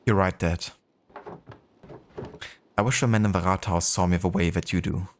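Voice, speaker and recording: Determined young woman painter, German accent, read straight by a low-voiced man. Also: steady tone, moderate pace, slight background noise, natural voice. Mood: earnest. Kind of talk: reading game dialogue aloud.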